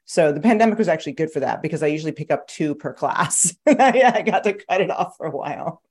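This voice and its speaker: A woman's voice: sits low, fast talker, slightly rough. A woman, a podcast guest and author, chatting casually and telling stories with frequent laughter. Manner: lively storyteller who laughs often. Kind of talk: casual interview chat.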